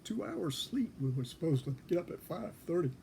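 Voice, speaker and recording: A man in his seventies casually telling a story from his service days, unhurried and chuckling now and then. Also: a little high, big pitch swings, creaky, mellow, a little hiss or hum. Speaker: storyteller recalling military service.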